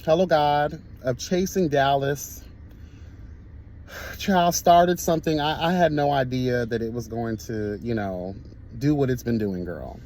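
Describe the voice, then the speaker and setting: A man's voice: mid-range voice, a little slow, a little mellow, poor audio. A man delivering a sassy, flamboyant commentary rant as an online reviewer, dramatic and full of cussing and catchphrases, a little sweaty from the gym.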